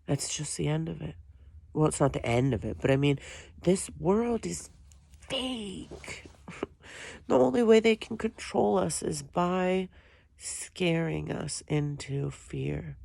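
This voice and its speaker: A woman vlogger recounting a story in a rambling, unhurried way. Her voice is gravelly with vocal fry and has a dark, mellow tone. She often restarts her sentences and piles up fillers. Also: low-pitched, animated, no echo, clean studio sound. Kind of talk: casual storytelling.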